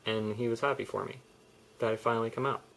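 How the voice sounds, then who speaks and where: A young man speaking candidly to his camera about his own life. He rambles, restarts his sentences and keeps the tone personal and unscripted. His voice sits in an ordinary middle pitch. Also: steady tone, fast talker, gravelly, fairly bright tone, slight background noise. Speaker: vlogger. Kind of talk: personal confessional vlog.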